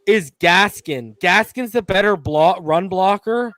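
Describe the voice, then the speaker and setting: A man hosting a live football stream, chatting casually and excitedly and shouting out viewers by name. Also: high voice, measured pace, no room sound.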